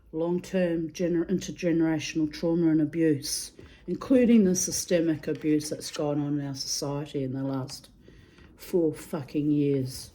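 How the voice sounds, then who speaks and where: A woman's voice: sits low, mellow. A woman doing her daily readings, talking in a rambling, digressive way, swearing freely and laughing often. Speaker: reader giving daily readings. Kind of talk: rambling casual monologue.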